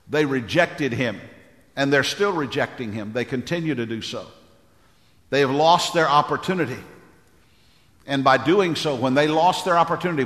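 A man's voice: mid-range voice, a bit bright. Male pastor preaching in a reverberant hall. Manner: emphatic preaching with repeated phrases; calls on the congregation for amens. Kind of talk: sermon.

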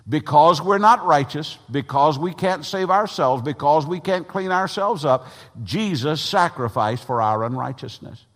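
A man preaching in a church sanctuary, his voice swinging up and down in pitch as he presses each point. He often clears his throat and calls on the congregation to repeat lines back to him. A long reverb from the hall hangs behind every phrase. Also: fairly bright tone. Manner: emphatic, leads congregation call-and-response. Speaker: pastor. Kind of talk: sermon.

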